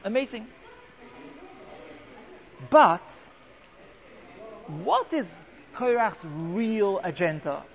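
A rabbi teaches a Torah class, posing rhetorical questions and tossing in sarcastic asides. His high voice swings widely in pitch, stretches out words and pauses often, and the muffled lo-fi recording has a faint hiss.

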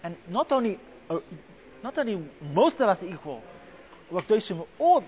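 A man's voice: high voice, sing-song, normal speed, a little mellow. A man teaching a Torah class as a rabbi, asking rhetorical questions and dropping sarcastic asides. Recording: muffled lo-fi recording with faint hiss.

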